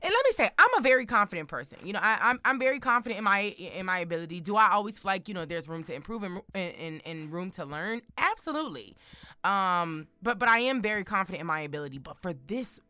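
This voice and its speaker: A young woman chatting casually to her viewers, bold and excitable, repeating words for emphasis. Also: medium pitch, fast talker, smooth, dry recording. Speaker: vlogger.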